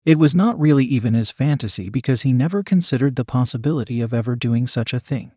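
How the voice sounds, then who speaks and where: A man narrating adult fiction in an even, matter-of-fact reading. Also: medium pitch, quick pace, slightly rough, dry recording, studio quality.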